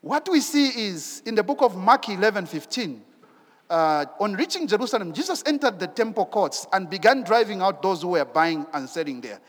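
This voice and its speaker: A man preaching a sermon in an animated way, asking rhetorical questions and repeating his phrases. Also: sits high, long reverb tail.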